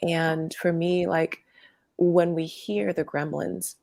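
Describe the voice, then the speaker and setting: A woman interview guest who teaches workshops, talking gently in a meandering way with lots of fillers and restarts. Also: on the low side, little pitch movement, slow pace, gravelly, no echo. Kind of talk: conversational interview.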